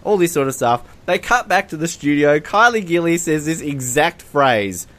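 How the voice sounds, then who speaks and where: A man co-hosting a casual comedic podcast, animated and prone to laughing. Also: fairly high pitch, moderate pace. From Australia. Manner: animated and giggly, often breaks into laughter. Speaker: podcast co-host.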